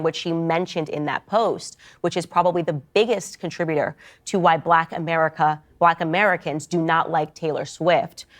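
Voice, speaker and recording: A woman giving opinionated commentary in an assertive, lecturing way as she walks through a story. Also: sits low. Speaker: political commentator.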